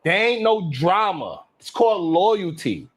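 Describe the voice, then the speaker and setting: A man hosting his own live stream show, boasting and trash-talking the haters in a loud, hyped rant full of cursing. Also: high voice, very animated, unhurried. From Brownsville, Brooklyn.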